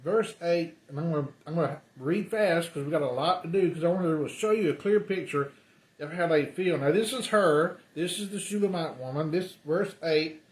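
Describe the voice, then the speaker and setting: A man's voice: on the high side, moderate pace. A man preaching a sermon, telling the story in a loose conversational way with lots of ums and uhs. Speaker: pastor. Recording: roomy echo.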